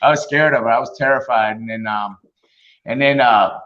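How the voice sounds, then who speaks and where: A middle-aged man spins animated stories, laughing often and acting out what others said. His voice is bright and forceful. The sound is roomy and a little dull, like a lo-fi recording. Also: mid-range voice, moderate pace. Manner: animated storyteller, laughs often, acts out quotes. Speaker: guest, retired wrestler. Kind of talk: casual storytelling interview.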